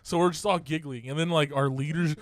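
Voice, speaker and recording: A young man co-hosting a podcast, recounting a story in loose, casual talk. His voice sits a bit high and sounds dry and close. He laughs often, swears freely and acts out the lines of the people in his story. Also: fairly even intonation, fairly quick, no echo. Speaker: podcast co-host.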